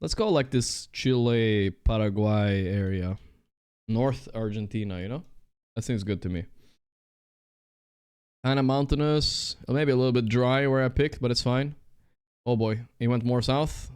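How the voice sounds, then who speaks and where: A man streaming a geography guessing game, thinking out loud, excitable and trash-talking his opponent. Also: mid-range voice, unhurried, long pauses, smooth. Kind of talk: casual live-stream commentary while playing.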